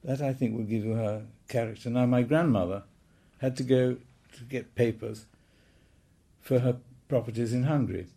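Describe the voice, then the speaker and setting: An elderly man in his eighties shares his reminiscences in a relaxed, wry, anecdotal way. His voice is gravelly, with a soft and mellow tone. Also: medium pitch, normal speed. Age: 80s. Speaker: speaker recounting his childhood. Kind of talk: reminiscing talk.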